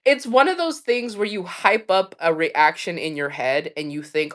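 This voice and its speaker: A woman's voice: medium pitch, expressive, moderate pace, few pauses. A woman hosting a livestream, chatting casually and candidly, swearing and laughing often as she tells stories. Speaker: livestream host.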